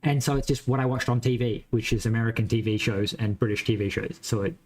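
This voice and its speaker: A man's voice: mid-range voice, level tone, fast, darkish tone. Rambling man with a mild West Australian accent. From Western Australia. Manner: rambling, thinks aloud, swears casually. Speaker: game developer streaming his coding. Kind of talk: casual live-coding chat.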